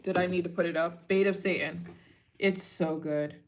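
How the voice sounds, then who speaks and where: A woman chatting casually on a livestream Q&A, her voice sitting a little lower than most. She talks in a gushing, chatty way, packed with filler words. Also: fairly even intonation, moderate pace. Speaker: travel channel host.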